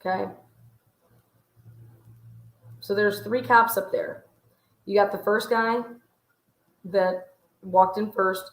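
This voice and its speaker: Woman host, flat even delivery, analytical commentary, echoey room. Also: medium pitch, slow, pauses often. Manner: analytical, pointing out details. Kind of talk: case commentary over footage.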